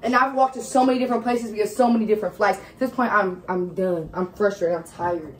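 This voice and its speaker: A woman telling a story in a casual, animated vlog chat at home. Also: mid-range voice, fast talker. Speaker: vlogger. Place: home kitchen.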